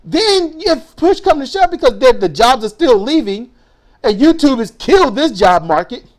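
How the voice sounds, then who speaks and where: A woman's voice: high-pitched, big pitch swings, normal speed, a little mellow. A woman ranting angrily in a vlog. She swears a lot, hammers her points, and stumbles over repeated words when worked up. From United States. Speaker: YouTuber.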